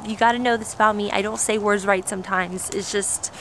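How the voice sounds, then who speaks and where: A young woman vlogger chatting in a bubbly, rushed way to her viewers. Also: mid-range voice, steady tone, a bit bright, a little hiss or hum. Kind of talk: casual vlog chat.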